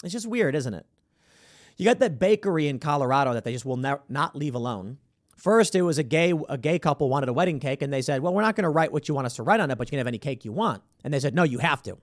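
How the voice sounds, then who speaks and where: A man's voice: on the high side, lively intonation, quick pace, no echo, clean studio sound. A man hosting a commentary show, talking in a sarcastic, opinionated way and acting out the voices he quotes. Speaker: podcast host.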